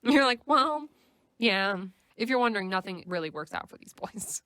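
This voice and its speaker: A woman's voice: medium pitch, quick pace. A woman co-hosting a podcast, chatting casually as a fan and acting out quoted characters. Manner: animated, acts out quoted characters. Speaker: podcast co-host.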